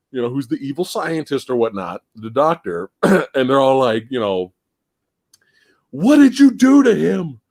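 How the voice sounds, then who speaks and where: Lively, profane man hosting a live stream. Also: mid-range voice, dry recording, clean studio sound. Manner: animated, profane, laughs often. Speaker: podcast host. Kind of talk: casual live-stream movie chat.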